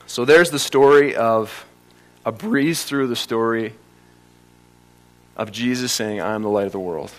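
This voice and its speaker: Emphatic male preacher. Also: medium pitch. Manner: emphatic, varies pace for stress, slows on key phrases. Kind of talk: sermon.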